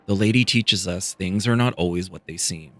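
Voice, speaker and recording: A man voicing a kindly male priest and healer in a video game, reading his lines in a soft, consoling way. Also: low-pitched, normal speed. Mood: gentle. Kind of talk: reading game dialogue aloud.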